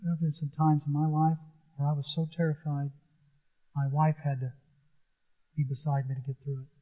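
A man's voice: on the high side, level tone, normal speed. Middle-aged male pastor, emphatic and repetitive sermon delivery, thin lo-fi phone-line sound. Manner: earnest, repetitive, emphatic preaching.

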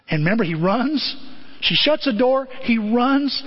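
Husky, animated male preacher. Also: very high-pitched, a little slow. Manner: animated storyteller, acts out scenes. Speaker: pastor. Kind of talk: sermon. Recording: muffled lo-fi recording.

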